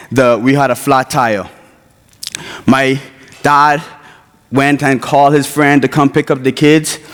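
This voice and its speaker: A man's voice: medium pitch, smooth. A young man from the Bahamas with a Bahamian accent, giving a personal testimony as a chapel speaker and acting out the voices in his story. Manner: storytelling, acts out quoted voices, informal grammar. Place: college chapel. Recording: long hall reverb.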